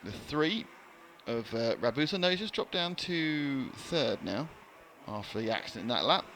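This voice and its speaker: A man's voice: medium pitch, animated, moderate pace, fairly bright tone. A man doing live race commentary, chatty and joking with his co-commentator. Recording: light background noise.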